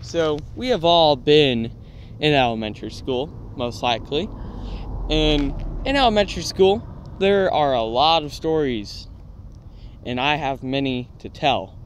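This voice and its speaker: Male host, fairly high voice, relaxed anecdotal delivery with a faint hum of background noise. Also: measured pace. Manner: lively anecdotes with frequent "all right?" and "right?" tags. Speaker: storytelling channel host. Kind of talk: casual storytelling.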